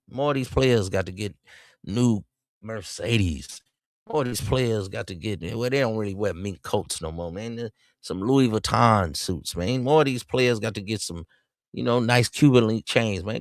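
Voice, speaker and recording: A man hosting a podcast, giving preachy, mocking commentary and jumping up in pitch to taunt. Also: normal speed, no echo, clean studio sound. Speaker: podcast host. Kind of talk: reacting to clips with commentary.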